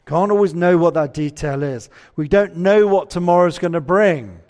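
Preacher in a reverberant church. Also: male voice, a little high, normal speed, a little mellow. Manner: conversational, asks the congregation questions. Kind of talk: sermon.

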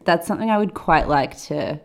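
Woman in her late 20s, lowish voice, teasing her friend on a chatty podcast, rambly. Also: a little fast, creaky. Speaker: podcast co-host. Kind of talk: casual chat.

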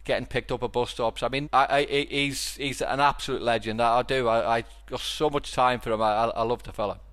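A man's voice: mid-range voice, fairly even intonation, a little fast, fairly bright tone. A man with a Scouse accent from Liverpool, hosting a casual podcast and telling stories with lots of restarts and repeated words. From Liverpool, England. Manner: rambling storyteller with frequent restarts. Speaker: podcast host.

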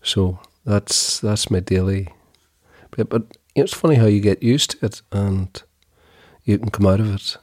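Middle-aged guy, low husky voice, dry close sound, wry and halting. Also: a little mellow, no echo. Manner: halting, wry, chuckling asides. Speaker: podcast co-host. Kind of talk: casual chat.

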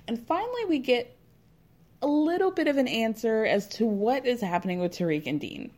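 A woman's voice: fairly high pitch, animated, normal speed, darkish tone. A woman hosting a casual recap, chatty and laughing often, dropping into mock voices to quote people. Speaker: recap podcast host. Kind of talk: casual chat recapping a reality show.

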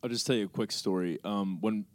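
A man's voice: on the low side, brisk, dry recording. An American man telling a personal story at a live Q&A, acting out both sides of a talk with his mother. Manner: animated, acts out his mother's side of a talk. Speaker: panelist answering audience questions. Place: screening venue.

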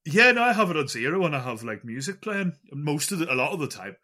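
A man's voice: a little high, sing-song, fast, pushed and bright. Stammering, rambling male podcast co-host. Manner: rambling, self-deprecating, stammering restarts. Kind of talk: casual gaming chat.

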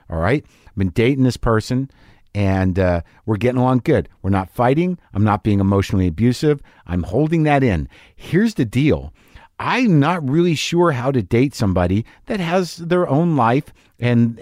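A man's voice: mid-range voice, darkish tone, dry recording, studio quality. A man giving a rambling, self-deprecating confessional monologue as a podcast host.

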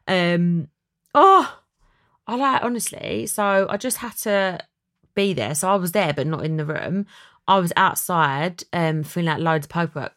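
A young woman hosting a podcast, chatty and dramatic in a casual chat. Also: fairly bright tone. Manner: chatty and dramatic, quick swings in pitch. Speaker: podcast host.

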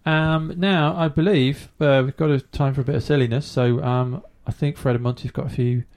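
A man hosting a casual podcast chat with children, asking gentle questions with many ums and uhs. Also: medium pitch, steady tone, normal speed. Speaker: host.

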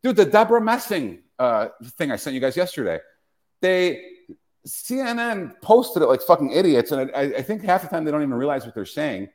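A man's voice: on the high side, big pitch swings, brisk, darkish tone. A man hosting a casual podcast, ranting with profanity and frequent restarts. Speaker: podcast host.

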